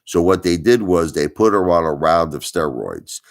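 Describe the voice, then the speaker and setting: A middle-aged man hosting a live stream in a very deep, low voice. He talks in an insinuating way, piling up rhetorical questions and repeating himself for emphasis. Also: lively intonation, moderate pace. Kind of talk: livestream commentary.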